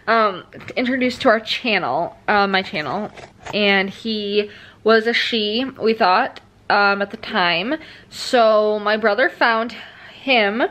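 A woman's voice: medium pitch, takes it slowly, fairly bright tone. A chatty young woman, vlogging casually from the couch in her living room. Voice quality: slight lisp from a new tooth crown. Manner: chatty, rambling, many fillers. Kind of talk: casual vlog chat.

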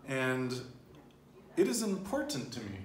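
A man's voice: mid-range voice, huge pitch swings, unhurried. A man in his thirties teaching a casual Spanish lesson at home, chatty and loose, laughing easily and often restarting or wandering off-topic. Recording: roomy home recording, faint ambience.

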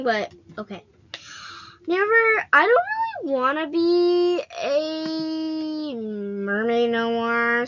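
A woman's voice: high voice, a bit bright. A female gaming host giving casual, playful commentary straight to her viewers while she plays.

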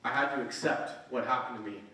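Young male speaker, twenties, earnest motivational storyteller; mid pitch; boomy hall, mic set back. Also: a little fast, pushed and bright. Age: 20s. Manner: earnest storytelling, frequent "right?". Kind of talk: motivational speech. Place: conference hall. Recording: echoey hall, mic at a distance.

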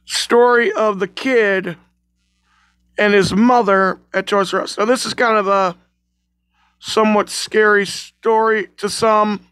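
A man's voice: high-pitched, fairly even intonation, slow, fairly bright tone, clear, resonant tone, no room sound. A man telling a scary work story in a rambling, self-correcting way, recorded on a phone. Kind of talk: casual spoken scary story.

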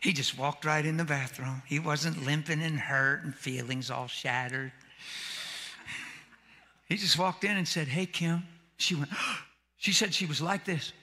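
A man preaches with a high, piercing voice that carries through a reverberant church hall. His speech is folksy and colloquial. He swings between hushed, intimate lines and loud shouts. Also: measured pace. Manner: plain colloquial grammar. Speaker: pastor. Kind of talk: sermon. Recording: echoey hall.

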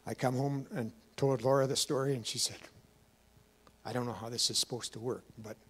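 A man's voice: mid-range voice, steady tone, a little fast, breathy edge. A man giving a rambling, emotional personal testimony to a church, with many fillers and restarts. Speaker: guest speaker.

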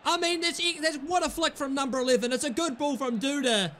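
A man giving excitable live commentary over his own football video game, muttering calls to teammates and then yelling at misses, with cheeky, sweary banter. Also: very high-pitched, normal speed, a little hiss or hum. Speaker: gaming YouTuber.

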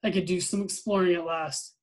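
Eager young boy, read aloud by a man, earnest, curious, a touch high-pitched, storybook reading. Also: fairly even intonation, a little fast, natural voice, low-quality recording.

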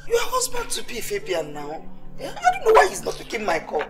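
A woman's voice: high voice, huge pitch swings, brisk. An actress playing a stern, scolding mother, with a Nigerian accent, in a film scene with a music score. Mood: worried. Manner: scolding, exclamatory.

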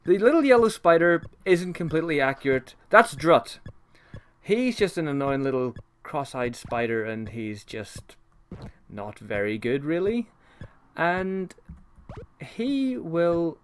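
Lively chatty male let's-play host. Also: fairly high pitch, slow pace, clear, resonant tone. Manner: chatty and self-deprecating, reacting aloud to the game. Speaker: host of a gaming channel. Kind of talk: casual let's-play commentary.

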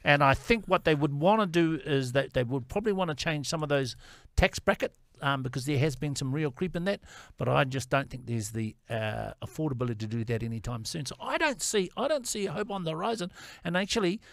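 A man's voice: a little high, a little fast, creaky, no echo, clean studio sound. A man on a political panel, earnest and repeating himself as he makes a point.

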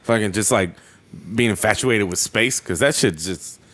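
A man's voice: lowish voice, moderate pace, fairly bright tone. A young man co-hosting a casual podcast, joking and swearing in a laid-back way. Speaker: podcast co-host. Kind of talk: casual chat.

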